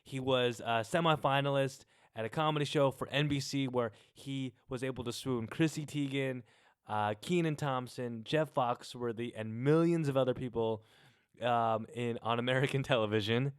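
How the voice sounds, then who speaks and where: A man hosts a podcast from his home garage, talking with hyped, playful energy. His voice is smooth and resonant. The sound is dry and close, with no room echo. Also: medium pitch, normal speed. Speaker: podcast host. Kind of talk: solo podcast intro. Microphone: studio microphone through a mixer.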